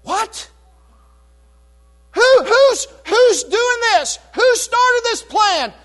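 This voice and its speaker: A man voicing a booming, excitable ancient king while retelling a story in a sermon, with high commanding outbursts. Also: moderate pace.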